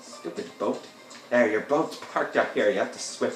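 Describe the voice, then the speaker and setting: A man rambling and joking through casual gameplay commentary, breaking into loud outbursts now and then. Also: mid-range voice, moderate pace. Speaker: gameplay video host. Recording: echoey room with game music behind.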